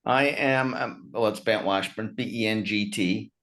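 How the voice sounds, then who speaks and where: A man's voice: on the low side, a little slow, fairly bright tone. A man in his fifties from Utah, a stand-up comedian chatting as a guest on a video call, wry and self-mocking, laughing often. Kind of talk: casual chat over a video call.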